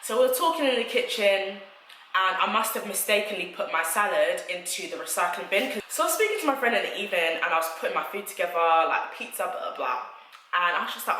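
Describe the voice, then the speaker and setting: A young woman tells a story to camera, chatty and animated. Her voice is bright and forceful. The recording has noticeable room echo. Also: medium pitch, fast, slight background noise. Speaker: vlogger. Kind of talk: storytime vlog.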